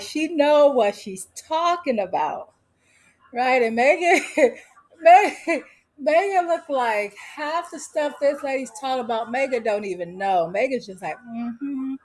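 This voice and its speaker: A woman recaps a show in a sassy, teasing vlog voice full of slang. Her voice sits high. She takes her time with her delivery. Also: a little mellow. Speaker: vlogger.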